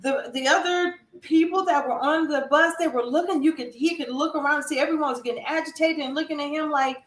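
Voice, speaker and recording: High-voiced woman telling stories in an echoey room. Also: a little fast. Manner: animated storyteller who acts out other people's lines. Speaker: guest counselor. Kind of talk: storytelling interview talk. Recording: roomy echo.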